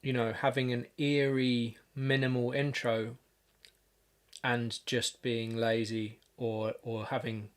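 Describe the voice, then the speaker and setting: A man chats his way through a music production livestream at an unhurried, slow pace, stopping often to gather his thoughts. His voice sits at an ordinary middle pitch, and his talk is loose and full of fillers and restarts as he thinks aloud at his desk mic. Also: level tone. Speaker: music producer streaming a session.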